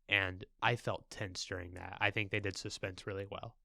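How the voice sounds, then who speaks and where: A man's voice: fairly low pitch, flat delivery, moderate pace, gravelly, few pauses, bright, forceful tone, dry recording, clean studio sound. A young man co-hosting a podcast, laid-back and joking, with the odd crude aside. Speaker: podcast co-host. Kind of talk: casual chat.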